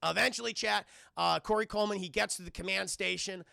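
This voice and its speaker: A young man casually recapping a film scene by scene for a live chat. He is animated and profane, keeps addressing the chat and thanks viewers for donations. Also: sits high, quick pace, gravelly, dry recording, clean studio sound. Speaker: film reviewer streaming live.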